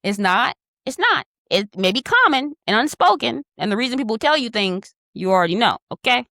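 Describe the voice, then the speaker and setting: A woman's voice: on the high side, sing-song, a little fast, vocal fry, sharp tone, dry recording, studio quality. A young woman, hosting a casual astrology talk in a chatty, teasing manner with affectionate asides. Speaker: astrology host.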